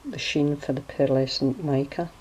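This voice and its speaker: A woman with a notably low voice talks through her handmade journal in a relaxed, chatty way. She pauses to hunt for words and corrects herself as she goes. A faint hum of noise sits under her voice. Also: rough recording. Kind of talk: casual craft walkthrough.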